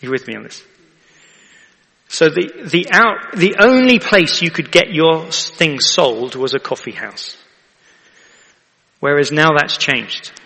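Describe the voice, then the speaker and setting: Chatty vicar with a gravelly voice. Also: male voice, fairly high pitch, expressive, takes it slowly, pauses often, pushed and bright, big-room sound. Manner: chatty, asks the audience for agreement. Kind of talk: sermon.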